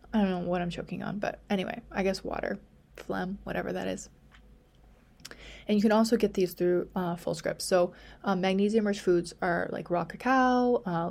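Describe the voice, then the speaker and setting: A woman hosting a solo podcast, talking casually in a chatty, rambling way, often dropping to a soft near-whisper for quick asides. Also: mid-range voice. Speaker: podcast host.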